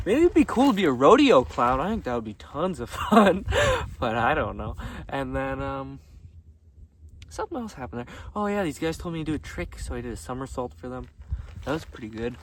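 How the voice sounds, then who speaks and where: Lively, laughing man outdoors. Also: mid-range voice, moderate pace. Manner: laughs often, swears casually. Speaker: vlogger dressed as a jester. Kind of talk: casual rambling recap of his day. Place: outdoors on a gravel road. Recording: distant mic with faint outdoor noise.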